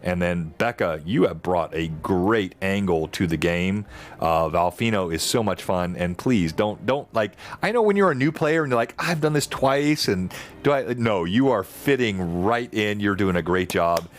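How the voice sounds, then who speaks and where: Male game master for a streamed tabletop game, deeper register, easy laugh. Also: normal speed. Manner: thanks chat and players, laughs easily.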